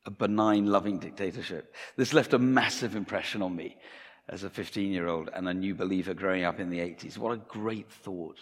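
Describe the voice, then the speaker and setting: A man in his fifties preaches a sermon with enthusiasm, repeating key phrases and pausing on fillers. His voice sits on the lower side. It echoes through a long-reverb church hall. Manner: enthusiastic, with frequent fillers and repetitions.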